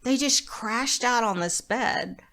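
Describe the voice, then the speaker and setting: A woman's voice: fairly high pitch, slow pace. A woman in her thirties, a podcast guest, candidly telling a personal story in casual chat and acting out what people said. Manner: candid, lively retelling with quoted dialogue.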